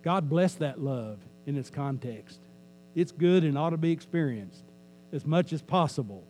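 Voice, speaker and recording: A man delivering a church sermon, his voice fairly high yet mellow and warm. He talks to the congregation in a loose, joking way and repeats his key lines for emphasis. A faint hum sits under the recording. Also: animated, normal speed. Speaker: pastor.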